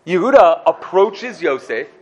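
A man teaching a Torah lesson, animated, acting out the quotes he cites and asking his listeners questions. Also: high voice, unhurried, muffled recording.

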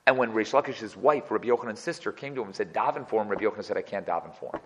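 Guy teaching a text class fast, lowish voice, reads a verse then explains it, long reverb around him. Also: a bit bright, breathy edge. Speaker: Torah teacher.

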